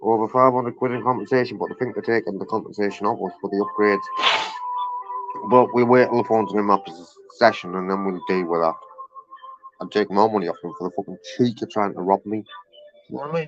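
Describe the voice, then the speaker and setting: A man in a casual vlog, loud and chatty and swearing freely while he waits on hold. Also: lowish voice. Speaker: vlogger. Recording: slightly dull recording with faint music.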